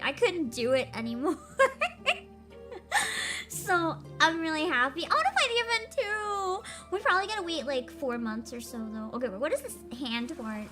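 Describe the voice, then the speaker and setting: A woman streaming a game in casual chat, chatty and expressive, laughing often between remarks. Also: high-pitched. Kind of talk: casual gaming livestream chat. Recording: game music playing loudly behind.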